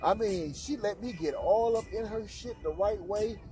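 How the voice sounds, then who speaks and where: A man's voice: high voice, moderate pace, over music. A man hosting a podcast, telling a crude anecdote in a profane, slangy way with lots of repeated filler tags. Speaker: podcast host.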